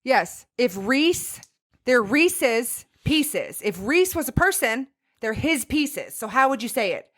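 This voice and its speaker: A woman's voice: on the high side, very animated, a bit bright. A woman co-hosting a podcast, chatting casually in a brash, teasing way with frequent swearing. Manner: brash, teasing, quick to back-chat. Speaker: podcast co-host. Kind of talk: casual chat.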